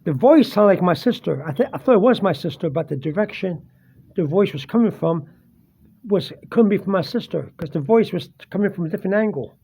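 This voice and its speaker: A man sitting at his dining table, earnestly recounting a personal ghost encounter with halting fillers and restarts. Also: high voice, expressive, vocal fry, warm tone, breathy edge. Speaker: vlogger. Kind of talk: casual first-person storytelling. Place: home dining room, seated at a table. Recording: dull lo-fi home recording.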